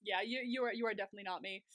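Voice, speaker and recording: A woman's voice: on the high side, very animated, fast, a bit bright, no echo, studio quality. A woman co-hosting a podcast, chatting casually and gushing, swearing freely and laughing often. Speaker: podcast co-host. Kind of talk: casual recap chat.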